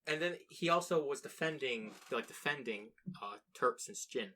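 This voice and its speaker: A man's voice: mid-range voice, lively intonation, normal speed, sharp tone, slight background noise. Young man rambling through a casual podcast chat. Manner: rambling, swears freely, frequent restarts. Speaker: podcast co-host.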